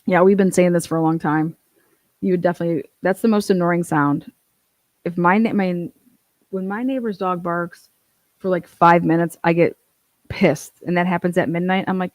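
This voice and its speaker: A woman's voice: fairly low pitch, steady tone, moderate pace, a little mellow, no echo. A woman giving casual true-crime commentary, blunt and incredulous, swearing freely.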